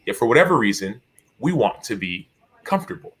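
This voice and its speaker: Bright-voiced animated male storyteller. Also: fairly low pitch, a little fast, breathy edge. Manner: animated, acts out quotes, many restarts. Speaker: podcast guest, author. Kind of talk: storytelling in casual interview.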